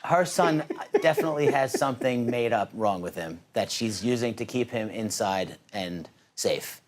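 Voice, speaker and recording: A man's voice: mid-range voice, expressive, normal speed. Young guy on a tv interview, talks loose and rambly, says like a lot. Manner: casual, rambling, with lots of "like". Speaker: guest, meme creator. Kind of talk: TV studio interview. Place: TV studio.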